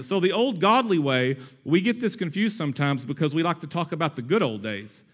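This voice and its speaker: A man in his thirties preaches to his church with a fairly high voice. He talks energetically and conversationally. He slips in humorous asides along the way. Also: lively intonation, normal speed, fairly bright tone. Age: 30s. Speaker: pastor. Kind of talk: sermon.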